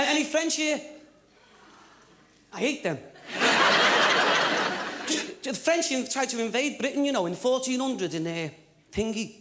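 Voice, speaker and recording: A man's voice: very high voice, heavy background noise. A man with a Liverpool accent doing a chatty stand-up comedy routine, stumbling over restarts between punchlines. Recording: echoey live theatre, loud audience laughter.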